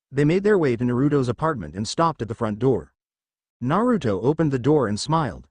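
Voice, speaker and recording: A man narrating a fan fiction story in a steady storytelling manner. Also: medium pitch, fairly quick, no echo.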